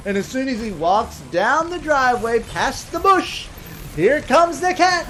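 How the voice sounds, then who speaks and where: A man telling a comedic personal story in a casual, animated way, swearing and acting out the quotes. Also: very high-pitched, slow, a little hiss or hum.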